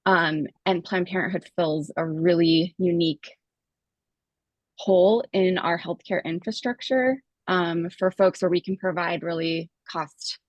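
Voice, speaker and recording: A woman's voice: lowish voice, a little slow, no room sound, lo-fi sound. A woman talking on a video call while walking on a treadmill, a little out of breath, chatting casually about her work. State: slightly out of breath. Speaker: communications staffer at a health care provider. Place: home with a treadmill.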